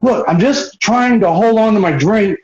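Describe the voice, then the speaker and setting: A man's voice: animated, normal speed, a little mellow. A man putting on the voice of a fussy drunk man at a party who whines and turns weepy, over roomy, dull lo-fi livestream audio. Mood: complaining. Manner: high, complaining whine that breaks into weepy pleading.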